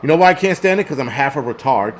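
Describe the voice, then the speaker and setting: A man on a casual livestream, talking straight at his chat in a blunt, foul-mouthed way. His voice sits at an ordinary middle pitch, and a faint air conditioning hum runs underneath. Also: lively intonation, fast. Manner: blunt, profane ranting. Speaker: livestream host reading chat.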